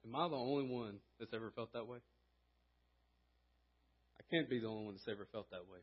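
Brief: husky man preaching in church, earnest, dull lo-fi sound. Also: mid-range voice, fairly quick. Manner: earnest, rising in volume when reading and exhorting. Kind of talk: sermon with scripture reading and prayer. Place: church sanctuary.

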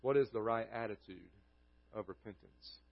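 A man preaching a sermon as pastor, earnest, his voice dropping low and quiet at the ends of phrases. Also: moderate pace, vocal fry, highs cut off.

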